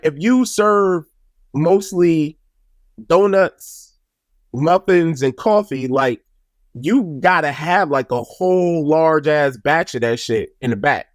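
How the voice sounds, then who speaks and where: A young man with a somewhat high voice tells a long comic story for his podcast. He swings into exasperated, animated outbursts and swears casually. The sound is close and dry, with no room around it. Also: no echo. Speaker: podcast host.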